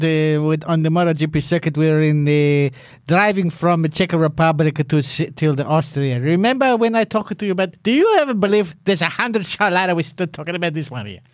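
A male podcast co-host with a fairly high, lively voice, recorded close and dry. He jokes with the guests and speaks in halting sentences with an accent. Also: dry recording. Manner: joking, halting, with a non-native accent. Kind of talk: casual podcast chat.

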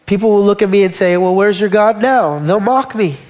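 A man preaching a sermon, emphatic, slowing down and dropping soft when he quotes scripture and verse. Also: sits high, lo-fi sound. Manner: emphatic, slows and drops to near whisper on quoted lines.

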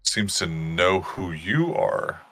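A man narrating as game master in a tabletop game, describing scenes in a measured way. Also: deep voice, expressive, sharp tone.

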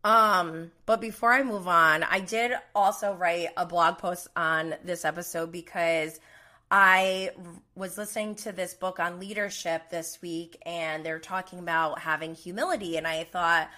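A woman's voice: fairly low pitch, fairly even intonation, unhurried, sharp tone. A woman hosting a casual live recap show, chatty and opinionated. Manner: chatty, opinionated, mimics people she quotes.

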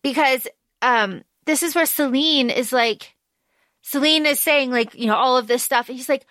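Bright, high-voiced woman podcast co-host. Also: a little slow, no echo. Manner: animated, acts out characters' lines with swearing. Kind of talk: casual film recap chat.

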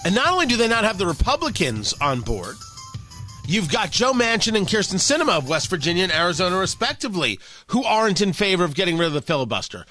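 A man's voice: sits high, very animated, fast, pushed and bright, faint music behind. A man hosting a political talk show, delivering combative, sarcastic commentary.

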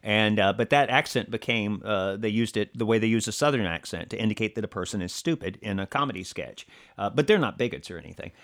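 A man co-hosting a political commentary podcast, talking in a halting way with many fillers and restarts and a sarcastic edge. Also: on the low side, a bit bright. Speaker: podcast co-host.

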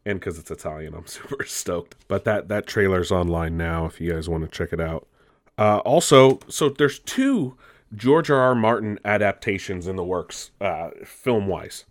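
A man with a low, deep voice hosting a casual entertainment news roundup. He talks loosely and chattily, drops the odd swear word and laughs at himself. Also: animated, moderate pace.

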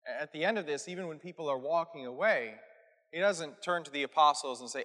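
A man's voice: on the high side, lively intonation, fairly quick, pushed and bright. A man giving an earnest, emphatic teaching on scripture as a Catholic preacher, often checking in with his listeners. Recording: echoey hall with long reverb.

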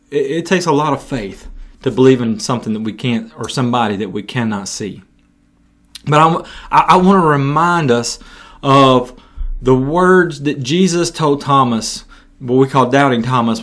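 A man giving a conversational sermon, retelling scripture in everyday words and often restarting his phrases. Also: fairly high pitch. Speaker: preacher.

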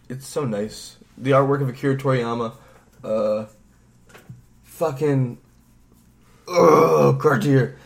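A man's voice: mid-range voice, vocal fry. A man co-hosting a podcast, rambling casually about a video game, swearing freely and acting out bits of dialogue. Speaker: podcast co-host.

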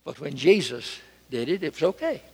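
A man's voice: on the high side, very animated, normal speed, slightly rough. Guy preaching at the pulpit, dramatic, repeats stuff, voice leaps all over, big reverby church. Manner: dramatic, emphatic repetition, swings between loud and soft. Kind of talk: sermon.

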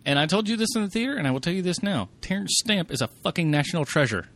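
A man's voice: high voice, very animated, quick pace, a bit bright. A man co-hosting a casual podcast chat, joking and swearing as he talks. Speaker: podcast co-host.

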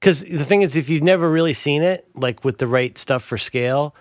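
A man's voice: fairly high pitch, fairly quick, no echo, studio quality. A middle-aged man co-hosting a casual chat, rambling and jokey, slipping into goofy impressions. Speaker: podcast co-host.

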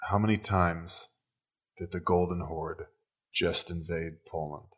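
A man's voice: deep voice, steady tone, unhurried, fairly bright tone, breathy edge, heavily acted. A man doing a mumbling, dim dying peasant. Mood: deadpan. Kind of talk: joke told in casual chat.

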